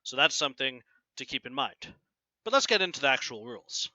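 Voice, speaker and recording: A man teaching a grammar lesson, often asking "right?" and reading example sentences aloud with clear pauses. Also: mid-range voice, sing-song, bright, forceful tone, no echo, poor audio. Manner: keeps asking "right?" to check understanding. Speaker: English teacher.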